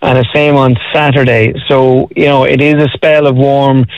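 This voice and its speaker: A man's voice: medium pitch, little pitch movement, moderate pace, clean tone, no echo. Irish weatherman on a dull line. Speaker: weather forecaster guest. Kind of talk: radio phone-in interview.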